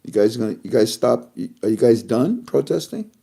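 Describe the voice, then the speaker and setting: A man hosting an online talk show, teasing an imagined listener with mocking banter and swinging between loud emphatic lines and low muttered asides. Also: lively intonation, moderate pace, vocal fry, slightly rough. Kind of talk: casual monologue.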